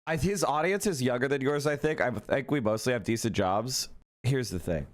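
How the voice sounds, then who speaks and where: A man's voice: medium pitch, normal speed, slight background noise. A man talking casually to his live-stream chat, joking and rambling with the odd swear word. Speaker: livestreamer.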